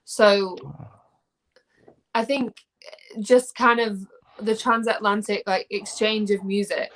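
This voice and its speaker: A woman's voice: mid-range voice, fairly even intonation, takes it slowly, fairly bright tone. Chatty young English woman singer. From England. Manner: chatty, rambling with many fillers and restarts. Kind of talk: casual video chat.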